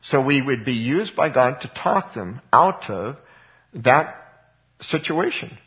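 A man's voice: medium pitch, lively intonation, takes it slowly. Emphatic preacher man, dull lo-fi sound. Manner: earnest, emphatic, rhetorical questions. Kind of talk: sermon with Bible reading. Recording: dull lo-fi recording.

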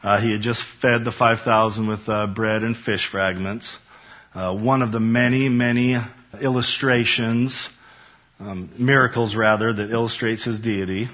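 A man's voice: lowish voice, fairly even intonation, measured pace, muffled recording. A man preaching a Bible study, building emphasis as he reads scripture aloud. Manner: emphatic, rising for scripture quotes. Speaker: pastor.

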